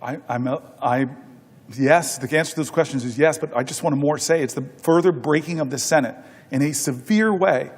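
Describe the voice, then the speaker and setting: A man in his fifties, a senator holding the floor, telling anecdotes in a halting way with repeated words. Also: on the high side. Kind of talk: floor speech with storytelling. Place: large legislative chamber. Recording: long reverb of a large chamber.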